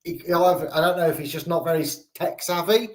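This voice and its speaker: English male host, casual and jokey football chat, slightly raised pitch. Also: fast talker. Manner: chatty, jokey, rambling with restarts. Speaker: fan channel host.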